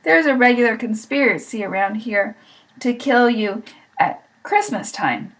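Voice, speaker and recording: Woman doing a stern old storybook ewe, gloomy and blunt, flat delivery. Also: a little high, a little slow, low-quality recording.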